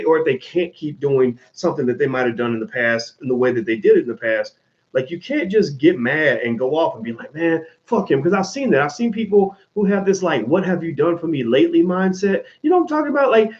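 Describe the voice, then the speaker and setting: Middle-aged guy ranting casually, fairly high voice, emphatic, muffled sound. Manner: animated, emphatic, frequent restarts. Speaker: commentator. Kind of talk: casual monologue. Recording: dull lo-fi sound.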